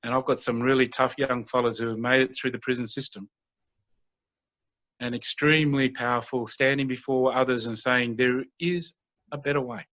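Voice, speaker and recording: Bright-voiced man, calm storyteller. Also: medium pitch. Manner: steady and unhurried, often acting out quoted dialogue. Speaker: youth mentor and guest speaker. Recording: dull lo-fi audio.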